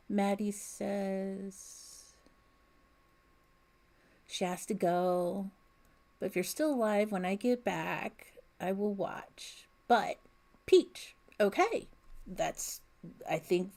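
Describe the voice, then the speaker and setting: A middle-aged woman chats through a home crochet livestream, reading viewer comments aloud. She talks slowly and easily, her voice mellow and soft-edged. A plain desk mic picks her up at home. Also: medium pitch. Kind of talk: casual livestream chat. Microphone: desk mic picking up room sounds.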